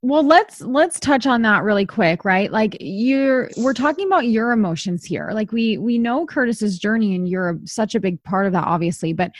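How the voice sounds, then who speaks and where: A woman hosting an interview, gently probing her guest with empathetic questions. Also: on the high side, animated, moderate pace, few pauses, dry recording, clean studio sound. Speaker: host. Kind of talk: interview conversation.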